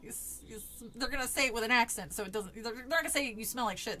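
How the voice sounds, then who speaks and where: A woman's voice: fairly high pitch, quick pace, hardly any pauses, pushed and bright. A young woman streaming a book reading, breaking off for casual, sarcastic commentary with swearing and laughs.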